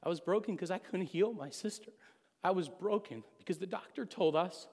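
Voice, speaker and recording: A man's voice: high voice, a little fast, darkish tone. Earnest middle-aged man testifying in church. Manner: earnest, emotional storytelling. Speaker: church member giving testimony. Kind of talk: personal testimony to a congregation. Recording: long hall reverb.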